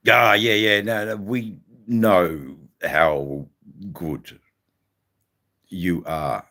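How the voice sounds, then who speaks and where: Deep, slow Australian man. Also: little pitch movement, sharp tone. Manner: rambling, chatty, greets viewers by name. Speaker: livestream host. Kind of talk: casual livestream chat.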